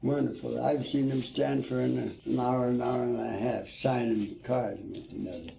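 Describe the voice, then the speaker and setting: A man's voice: medium pitch, fairly even intonation, normal speed, gravelly, warm tone, a little hiss or hum. An older man, a former ball player, telling folksy stories in an interview. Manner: folksy storytelling, "see?" and "you know". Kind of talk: reminiscing interview.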